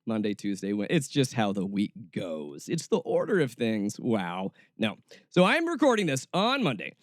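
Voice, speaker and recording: A middle-aged man hosts his radio show in a casual, sarcastic ramble, his pitch swinging widely as he jokes and rants. The sound is dry and close, with no room around his voice. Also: normal speed, no echo. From Atlanta, US South. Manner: sarcastic, lively, laughs often, rants. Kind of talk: casual solo radio monologue.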